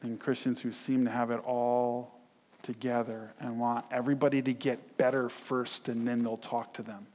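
A man preaching a conversational sermon as pastor, telling stories with animated quoted voices. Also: medium pitch, normal speed. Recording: long hall reverb.

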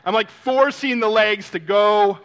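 A man telling a personal story in a sermon-like way, acting out quotes and then turning soft and reflective. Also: high voice, unhurried. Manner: animated, acts out quotes, drops to a soft reflective tone.

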